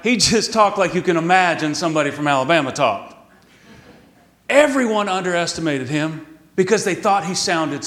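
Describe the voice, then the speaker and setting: High-voiced Texan pastor preaching in a roomy hall. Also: male voice, fairly bright tone. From Texas. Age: middle-aged. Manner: folksy storytelling with drawn-out emphatic words. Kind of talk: sermon.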